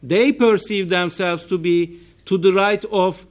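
Turkish-accented male researcher, slow deliberate seminar delivery, slightly higher voice, full of ums. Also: steady tone. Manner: measured, hesitant with frequent fillers. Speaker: political science researcher. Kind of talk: academic seminar talk. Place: seminar room.

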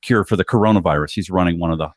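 A man hosting a podcast, telling stories in a casual, animated way and acting out what his friends said. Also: low-pitched, very fast, no room sound, studio quality. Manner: animated storyteller who acts out quoted friends. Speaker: podcast host.

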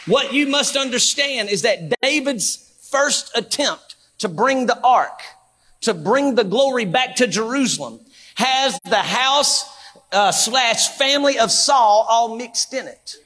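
A man preaching a Pentecostal sermon in a church, fervent and rhythmic, building to shouts with repeated phrases. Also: very high voice, expressive, takes it slowly, big-room sound. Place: church sanctuary.

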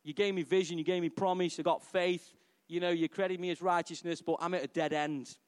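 A weary old man pours out his complaints to God, exasperated and worn down, as a preacher voices him in a sermon. His tone sits slightly high. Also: steady tone, a little fast, smooth, long reverb tail, close to an everyday voice.

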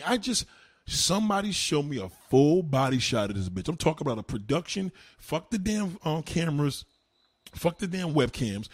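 A man's voice: fairly high pitch, husky, no echo. A man doing a heated, mocking, heavily profane rant on his live stream. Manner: heated, mocking, swears constantly.

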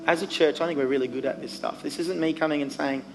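A man's voice: a little high, steady tone, fast, gravelly, rough recording. Earnest man preaching over guitar. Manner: earnest, emphatic preaching with fillers. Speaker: church youth pastor. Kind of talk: sermon. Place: church stage.

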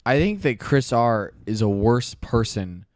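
A man's voice: mid-range voice, expressive, unhurried, dry recording. Male co-host, teasing banter, dry studio sound. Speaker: podcast co-host. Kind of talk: casual comedic chat.

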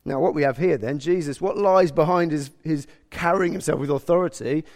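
A man's voice: fairly high pitch, brisk, darkish tone. A man preaching a sermon, explaining a passage in a conversational way with frequent self-corrections.

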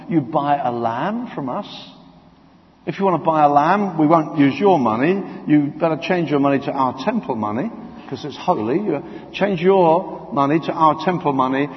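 A man preaching a sermon, telling stories with lively acted-out quotes. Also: fairly high pitch. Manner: animated storytelling, acting out voices and quotes. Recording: dull sound, long hall reverb.

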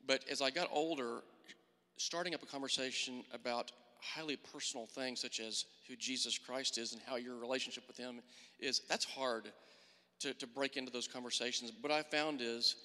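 An earnest man speaks in a church, sharing a testimony and then leading a prayer, often pausing to restart his sentences. His voice is bright and clear. A long reverb from the large hall trails after every phrase. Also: mid-range voice. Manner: earnest, halting with restarts and fillers. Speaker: church member giving a testimony.

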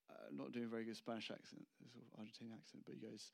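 A man's voice: medium pitch, steady tone, brisk, creaky, clean tone. A man preaching a casual, humorous sermon, rambling and self-deprecating between anecdotes.

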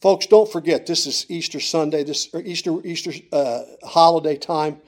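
A middle-aged male preacher with a voice pitched a little above the usual man's. He tells the story in a hushed, close tone. Then he climbs into loud, emphatic declarations. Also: moderate pace. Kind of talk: sermon.

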